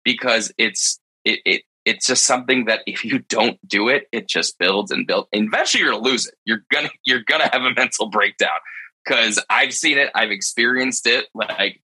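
A man who owns a pet care business, talking candidly and earnestly in a roundtable discussion, in quick bursts with restarts. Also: mid-range voice, pushed and bright, breathy edge, rough recording.

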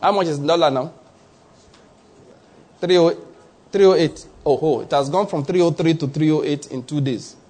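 A middle-aged Nigerian man preaching a sermon, animated, stretching key words for emphasis and chuckling between points. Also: fairly high pitch, moderate pace, long pauses. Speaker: pastor.

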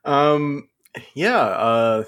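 Male podcast co-host, deadpan mock-serious delivery, mid-range pitch. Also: extremely slow, clean tone. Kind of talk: casual comedic chat.

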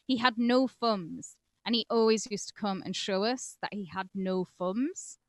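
A woman's voice: medium pitch, a little slow, no echo, clean studio sound. Chatty profane woman. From England (Cumbria). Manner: chatty and profane, drifts between reading and joking. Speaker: podcast co-host. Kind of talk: casual true-crime chat.

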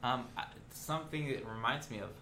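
A man with a bright, forceful voice rambles through a story. He hesitates often and fills gaps with ums in casual chat. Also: mid-range voice, fairly quick, slight background noise.

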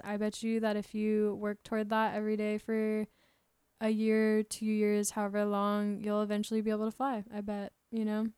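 A woman's voice: mid-range voice, completely flat delivery, moderate pace, a little mellow, clean tone, no room sound. A woman chatting casually as a podcast guest, upbeat and earnest, with lots of fillers. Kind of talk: casual interview chat.

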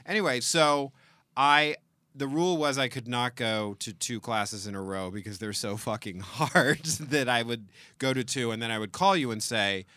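A man in his forties co-hosting a podcast, chatting casually, animated and self-deprecating with frequent laughs. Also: medium pitch, normal speed, no echo. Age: 40s. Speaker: podcast co-host. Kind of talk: casual banter.

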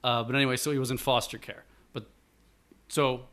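A man from Buffalo, New York, tells a long family story as a guest in easy, rambling chat. His voice sits at an everyday middle pitch, and he keeps the tale moving by acting out what people said. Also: fairly quick. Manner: lively, rambling storyteller with acted-out quotes. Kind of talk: casual storytelling.

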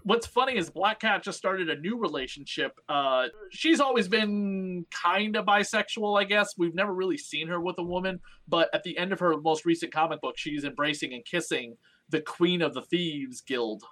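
Male podcast host, bright tone, rambling storyteller. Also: high-pitched, moderate pace. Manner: rambling, storytelling with acted-out quotes. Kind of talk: casual comic book podcast chat.

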